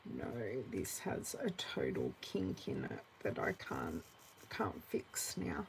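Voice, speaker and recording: A woman in her forties with an Australian accent, chatting through a live card-making class, answering viewers by name and muttering softly to herself as she works. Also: extremely low pitch, wildly swooping pitch, takes it slowly, gravelly, a little hiss or hum, poor audio. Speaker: craft demonstrator.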